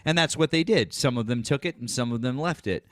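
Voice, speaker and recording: A man's voice: medium pitch, fairly quick, a bit bright, no echo, clean studio sound. A man hosting a casual political livestream, explaining points wryly and thanking viewers by name. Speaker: livestream host.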